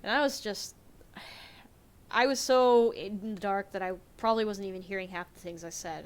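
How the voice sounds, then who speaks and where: A woman's voice: mid-range voice, moderate pace. A young adult woman telling a personal story in a casual vlog, speaking candidly and emotionally with frequent fillers and self-corrections. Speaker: vlogger.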